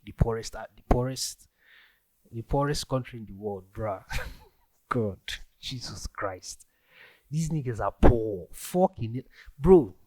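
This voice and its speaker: With a lowish, slightly rough voice and no room sound, a young Nigerian-accented man hosts a casual podcast on his own. He rambles, restarts often, and fills gaps with "like" and other fillers.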